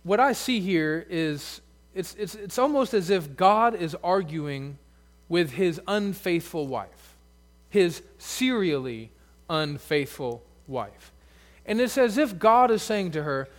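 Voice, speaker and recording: A man's voice: high-pitched, expressive, takes it slowly. A male pastor preaching a sermon in a conversational way, full of asides and rhetorical questions.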